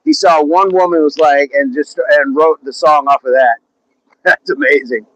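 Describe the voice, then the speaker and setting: A man's voice: on the high side, steady tone, moderate pace, a bit bright, no room sound, poor audio. A man from Oklahoma chatting casually on a livestream, reading viewer comments, laughing and talking about music and movies. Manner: chatty, laughs often, slips into put-on accents. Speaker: livestream host.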